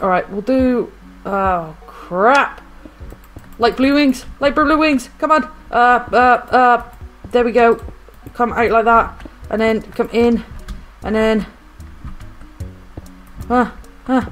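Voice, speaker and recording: A woman's voice: a little high, a little slow, faint music behind. A woman commentating on her own video game play, rambling to herself and often getting flustered and panicky. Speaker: gaming video host. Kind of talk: live gameplay commentary.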